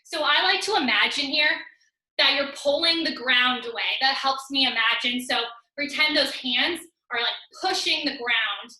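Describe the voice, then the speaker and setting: Female fitness instructor, high and very bright, upbeat countdowns, a bit winded, echoey room. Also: normal speed. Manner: upbeat coaching, counting down reps, joking asides. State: out of breath. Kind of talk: live online workout class instruction. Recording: roomy echo.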